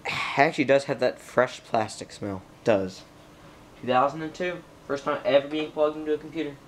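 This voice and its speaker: Speaking briskly at a medium pitch with a steady tone, a young tech vlogger narrates an unboxing at home. He rambles, talks to himself and the computer, and grows frustrated as it loads. There's slight background noise.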